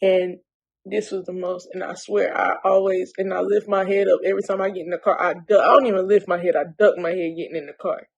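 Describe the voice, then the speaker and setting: A woman's voice: lowish voice, fairly even intonation, fairly quick, creaky, muffled recording. A young woman from North Carolina, telling an emotional storytime vlog bluntly while holding back tears. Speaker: vlogger.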